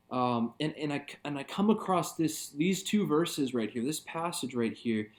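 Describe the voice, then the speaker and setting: A man's voice: mid-range voice, expressive, moderate pace. Male pastor, devotional talk, earnest, reflective, conversational.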